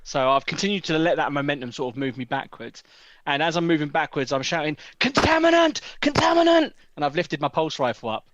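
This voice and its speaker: A man talks through his turn in a tabletop game, words tumbling out fast in a slightly high voice. The sound is dry and close, with no room behind it. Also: a bit bright, no echo, muffled recording. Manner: quick, rambling, explains his moves at length. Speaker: player. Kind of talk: tabletop role-play chat.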